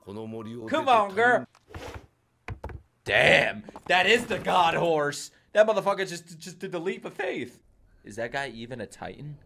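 A young man reacting to an anime episode, excitable and profane, yelling at the characters on screen. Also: fairly high pitch, moderate pace, gravelly, slight background noise. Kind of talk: live anime reaction commentary. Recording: music from the show playing behind.

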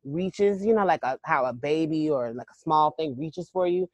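A woman podcast co-host telling a long personal story in casual chat, animated and rambling, with many restarts. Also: deep voice, normal speed, no room sound.

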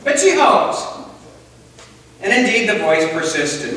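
A man's voice: on the high side, very animated, takes it slowly, long pauses, fairly bright tone. A male pastor preaching a sermon in church, telling a story and putting questions to the congregation. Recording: echoey church hall, distant mic.

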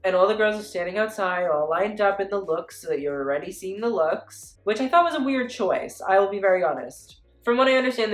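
A woman's voice: fairly low pitch, reverberant. Chatty, blunt woman reviewing fashion. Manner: chatty, frequent "like" and "you know", blunt swearing. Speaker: fashion commentator.

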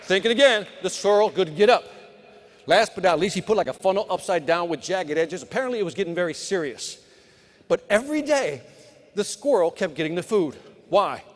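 High-pitched motivational man in a big hall. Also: lively intonation, brisk. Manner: punchy motivational delivery, talks to the crowd. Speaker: keynote sales speaker. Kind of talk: live conference keynote. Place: large conference hall. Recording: long hall reverb.

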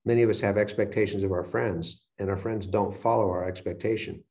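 A man giving a motivational lecture, telling stories and acting out his own reactions with lively energy. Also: lowish voice, a little fast. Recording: dull lo-fi sound.

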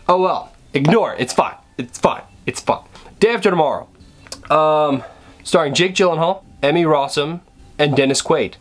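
A man's voice: on the high side, normal speed. A young man rambling casually to camera at home, self-deprecating and full of restarts. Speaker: vlogger. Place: bedroom at home, indoors.

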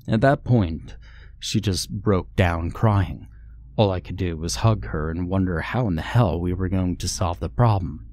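A man narrating a first-person horror story in a steady, measured way. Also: low voice.

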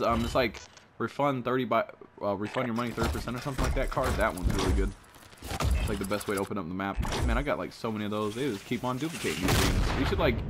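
A young man giving casual commentary as he opens in-game supply drops, excitable and full of slang. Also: medium pitch, noisy background. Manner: excitable, slangy, thinks aloud. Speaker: gaming streamer.

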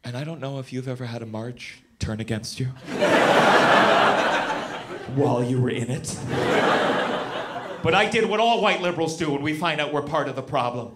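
A man in his thirties doing a stand-up comedy set, animated and shouting punchlines. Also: medium pitch, normal speed, pauses often. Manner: animated, shouts punchlines, acts out quoted voices. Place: comedy club stage with live audience. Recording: loud audience noise and laughter.

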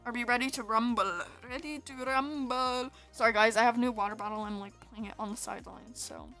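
A woman's voice: fairly high pitch, fairly even intonation, fairly quick, sharp tone, soft background music. A woman chatting casually over her gameplay, rambling and giggly, sleepy from staying up. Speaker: gaming video host.

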